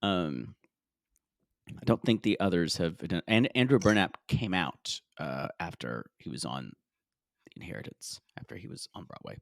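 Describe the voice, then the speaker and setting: A man's voice: sits low, expressive, normal speed, creaky, dry recording, studio quality. A man co-hosting a podcast in casual, giggly chat, often trailing off with fillers. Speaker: podcast co-host. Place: studio in Los Angeles.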